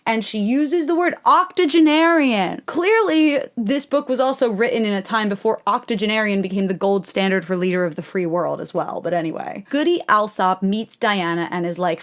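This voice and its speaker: Young woman, casual video essay host, mid pitch. Sarcastic and exasperated, lots of "like". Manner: sarcastic, exasperated, heavy use of "like". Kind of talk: casual commentary.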